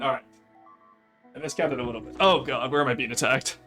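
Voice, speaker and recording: A man's voice: medium pitch, fairly quick, pauses often, bright, forceful tone, faint music behind. A male streamer giving live gameplay commentary, chatting to his viewers and swearing and exclaiming when he comes under attack. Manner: chatty asides to chat between bursts of play.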